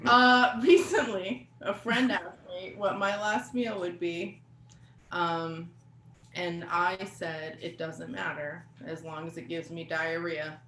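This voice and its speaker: A woman doing a stand-up comedy set, talking conversationally and swearing, with sudden loud outbursts. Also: fairly low pitch, fairly even intonation, slow pace. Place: comedy venue with live audience. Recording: echoey room, faint background noise.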